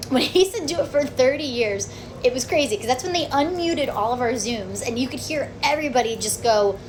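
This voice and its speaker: A woman vlogger telling her own story in casual, animated chat, often checking in with "okay?" and "like". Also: high-pitched, noisy background. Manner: animated, acts out quotes, frequent "okay?" and "like".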